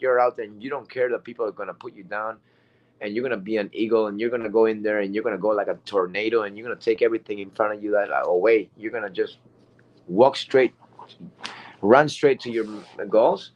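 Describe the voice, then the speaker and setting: A man's voice: mid-range voice, highs cut off. A man giving a rambling motivational talk as a guest speaker, full of fillers and repeated words. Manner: rambling, repetitive, with many fillers.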